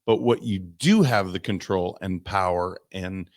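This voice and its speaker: A man, a guest coach in a podcast interview, telling stories in an animated way and acting out the people he quotes. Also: deep voice, unhurried. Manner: animated storytelling, acts out voices in quotes. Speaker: guest, mindset and business coach.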